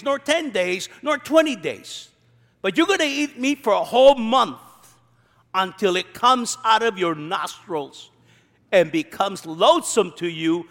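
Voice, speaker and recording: A male pastor with a high voice delivers a sermon in a church, moving between scripture reading and pointed, sarcastic commentary. His voice carries a long reverb from the large room. He lifts his voice to act out the quoted lines. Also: fairly bright tone. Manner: reads scripture then preaches with sarcastic asides.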